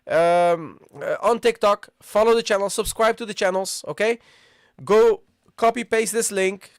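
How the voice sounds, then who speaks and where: A man teaching an online Arabic lesson live, repeating points and checking in with viewers after nearly every phrase, and sounding out letters slowly for them to copy. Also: high voice, clear, resonant tone, no room sound, studio quality. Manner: repetitive, checks in with "okay?" and "guys"; models pronunciations slowly.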